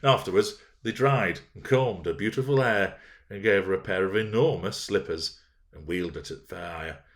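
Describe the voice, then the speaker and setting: A man narrating a classic novel in a measured, expressive storytelling manner. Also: sits low. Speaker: audiobook narrator. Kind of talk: dramatic novel reading.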